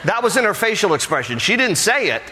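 Bright-voiced middle-aged pastor preaching. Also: male voice, high-pitched, quick pace, in a large hall, a little hiss or hum. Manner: conversational, animated, acts out dialogue. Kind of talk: sermon storytelling.

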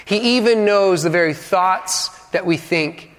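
A man with a fairly high voice preaches from the pulpit, building with dramatic pauses and dropping in playful asides to the congregation. The sound has a long reverb from a large church hall. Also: a bit bright. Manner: dynamic preaching, dramatic pauses, acts out quotes. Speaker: pastor. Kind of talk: sermon.

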